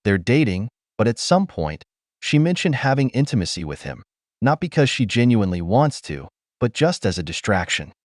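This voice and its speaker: A man with a fairly low voice delivers blunt opinion commentary as a voice-over. His pitch rises and falls in a lively way as he lectures his viewers directly. The recording is close and dry. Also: moderate pace, no room sound. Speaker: commentary channel host.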